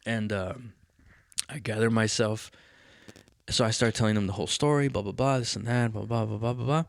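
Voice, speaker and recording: A man's voice: lowish voice, brisk, creaky, no room sound. A man hosting a podcast, telling a personal story in a candid, rambling way, full of fillers and swearing. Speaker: podcast host.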